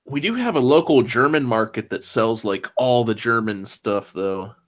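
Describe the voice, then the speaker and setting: A man's voice: medium pitch, animated, moderate pace. Laid-back blunt man on a stream. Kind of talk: casual stream chat.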